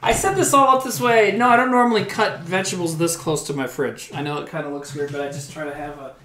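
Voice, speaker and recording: A man's voice: on the high side, fast talker, pushed and bright. A man streaming live while cooking in his home kitchen, rambling, swearing now and then, and chatting with his viewers. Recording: roomy kitchen with faint background noise.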